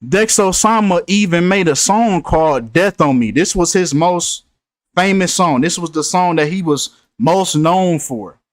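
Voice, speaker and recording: Man, casual commentary host, preachy, repeats points, higher-pitched voice, dry close sound. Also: no echo. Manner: preachy, repeats himself for emphasis.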